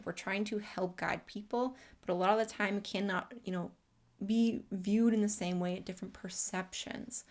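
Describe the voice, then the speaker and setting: Earnest woman hosting a spiritual talk. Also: medium pitch. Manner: earnest, heartfelt, many "you know" fillers. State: emotional, near tears. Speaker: host. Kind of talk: spiritual self-help talk.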